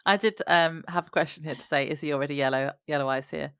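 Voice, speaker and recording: Low-voiced woman co-host, dry sound. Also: steady tone, fast, a bit bright, clear, resonant tone, no echo. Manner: chiming in with questions from her notes. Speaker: podcast co-host. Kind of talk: casual chat.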